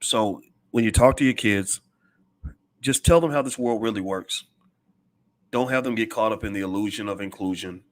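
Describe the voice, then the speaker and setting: A man's voice: lowish voice, moderate pace. A middle-aged man giving an impassioned, preachy monologue as a commentator, hammering his points with repetition.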